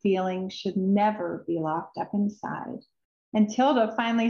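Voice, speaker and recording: A woman reading her own children's book aloud, expressive and emotional, with sighs and drawn-out words. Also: mid-range voice, vocal fry. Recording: roomy, dull recording.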